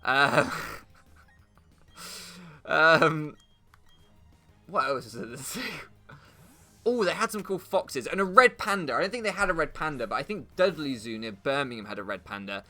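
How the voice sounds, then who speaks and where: A man's voice: on the high side, big pitch swings, moderate pace, pauses often, bright, forceful tone. A young British man giving crude, sarcastic, rambling commentary over gameplay. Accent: British English. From England. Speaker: gaming commentator. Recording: game music behind.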